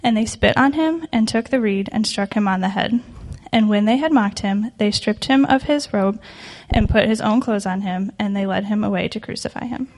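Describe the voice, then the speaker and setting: A woman's voice: mid-range voice, normal speed, darkish tone. Woman reading scripture aloud. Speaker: scripture reader.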